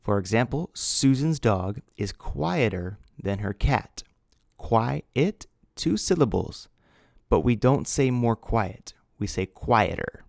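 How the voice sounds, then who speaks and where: A gravelly, low-voiced man teaching a grammar lesson at a slow, deliberate pace. He spells words out letter by letter and explains each rule patiently. The sound is dry and close. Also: animated, a little mellow, dry recording. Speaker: English teacher.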